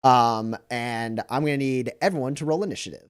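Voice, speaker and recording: A man's voice: medium pitch, brisk, clean tone. A man narrating a tabletop role-playing game as game master, rambling through scenes with many fillers.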